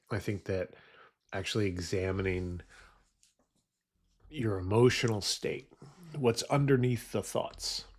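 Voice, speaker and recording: Low husky-voiced man, rambling. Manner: reflective, rambling with many fillers. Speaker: futures trader streaming live. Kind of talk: casual live-stream commentary.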